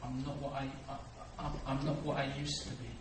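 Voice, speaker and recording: A man preaching a sermon, acting out dialogue and swinging from quiet reflection to loud, animated storytelling. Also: mid-range voice, a little fast. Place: church hall. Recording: echoey hall, distant mic, noisy.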